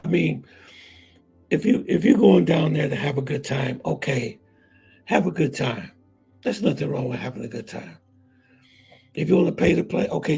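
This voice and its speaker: A man's voice: on the high side, gravelly, darkish tone, slightly rough, low-quality recording. A man hosting a casual livestream, talking straight to his viewers and chat, repeating himself for emphasis. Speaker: vlog host.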